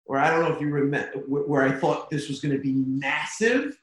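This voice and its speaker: Animated man telling stories, echoey room. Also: on the high side, brisk. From United States. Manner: animated storyteller, repeats words, laughs easily. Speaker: toy company executive. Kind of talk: conversational interview.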